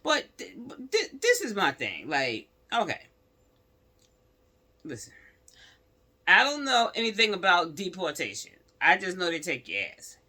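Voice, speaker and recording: A man's voice: high voice, huge pitch swings, a little slow, long pauses, bright, forceful tone. A man giving casual spoken commentary to his viewers, talkative and calling them y'all. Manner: talkative, addresses viewers as y'all, growing heated. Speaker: vlogger.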